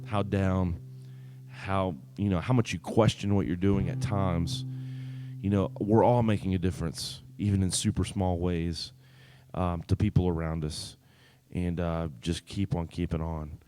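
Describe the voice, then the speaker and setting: A singer-songwriter telling a story between songs at an open mic, in a relaxed, rambling way full of fillers and restarts. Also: male voice, low voice, a little slow, soft background music. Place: live open mic event.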